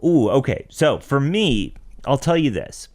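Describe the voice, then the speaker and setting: A man's voice: mid-range voice, big pitch swings, measured pace, a little mellow. A man co-hosting a tech podcast, explaining things in casual chat. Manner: explanatory, reads listener questions aloud. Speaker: podcast co-host.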